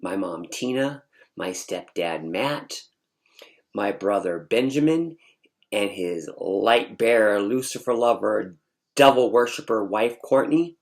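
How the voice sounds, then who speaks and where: A man vlogger telling a story in a casual, animated way, with frequent restarts and asides. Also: fairly low pitch, takes it slowly. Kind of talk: casual storytelling recounting a dream.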